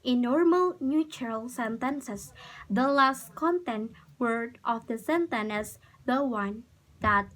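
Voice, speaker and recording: A woman's voice: on the high side, low-quality recording. A woman student explaining her part of a class presentation, reading example sentences aloud.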